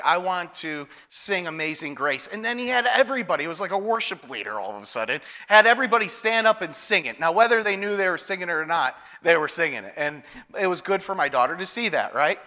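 A man's voice: sits high, bright, forceful tone. A male pastor preaching a sermon, telling a personal story and asking the congregation questions. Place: church hall. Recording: long hall reverb.

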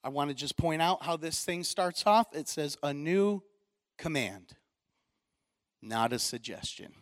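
A high-pitched man delivering a sermon from the pulpit. He preaches with swelling fervor, pushing up and louder on the big points, then drops into relaxed, joking asides to his listeners. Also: measured pace. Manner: animated preaching, rising loud on key points, folksy asides. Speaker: pastor.

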